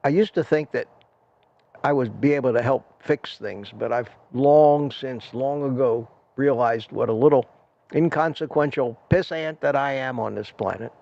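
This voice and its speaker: A man's voice: medium pitch, normal speed, gravelly, a little mellow, no room sound. Rambling older man ranting on a live stream. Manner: ranting, self-deprecating, thanks viewers by name. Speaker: livestream host. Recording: dull lo-fi stream audio.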